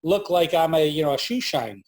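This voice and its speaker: At normal speed and a slightly high pitch, this forties-aged entrepreneur narrates a story during a relaxed farm interview. He brings it to life by performing the quoted people's voices.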